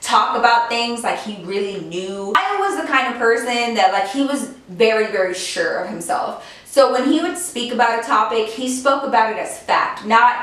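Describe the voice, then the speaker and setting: A woman's voice: on the high side, expressive, moderate pace, few pauses, fairly bright tone. Chatty woman in a very echoey room. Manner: chatty, lots of filler "like", casual swearing. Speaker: vlogger. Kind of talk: casual storytelling. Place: home office. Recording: very echoey room, voice far from mic.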